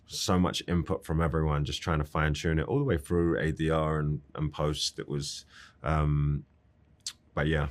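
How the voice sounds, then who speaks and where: A man in his thirties, an actor guest with a deep voice, talking thoughtfully in an interview and sometimes trailing off. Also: moderate pace. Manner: thoughtful, relaxed, trails off mid-sentence. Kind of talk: casual interview chat.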